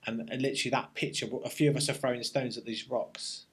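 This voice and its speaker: This veteran talks fast in a mid-range voice with a breathy edge. Guesting on a casual interview, he tells a reflective story full of army slang, often backing up to restart his sentences.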